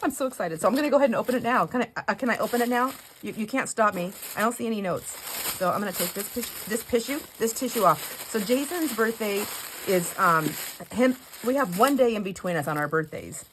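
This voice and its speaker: A middle-aged woman chatting casually as a craft vlogger, gushing and rambling with self-corrections, turning squeaky when excited. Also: a little fast, slight background noise, rough recording. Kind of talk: casual chat while opening mail.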